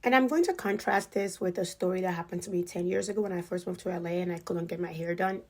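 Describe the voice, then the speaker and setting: Gravelly, husky-voiced woman telling stories. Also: fairly low pitch, steady tone, fast talker, darkish tone. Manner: chatty, leans heavily on "like" as a filler. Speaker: storyteller sharing experiences with a wealthy family. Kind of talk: casual storytelling.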